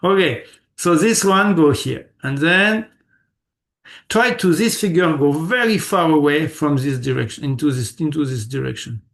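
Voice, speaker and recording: Male meditation teacher, gravelly and slightly high voice, patient coaching with lots of repetition. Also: animated, moderate pace, a bit bright. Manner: patient, repeats words, checks students often. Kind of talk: live online class instruction.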